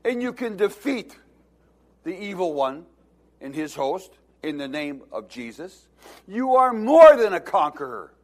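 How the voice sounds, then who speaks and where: A high-pitched man preaching a sermon at an unhurried pace. He exhorts his congregation and has them repeat his words, swinging from soft to emphatic. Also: sing-song. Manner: preaching with rising emphasis, at times shouting. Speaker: pastor.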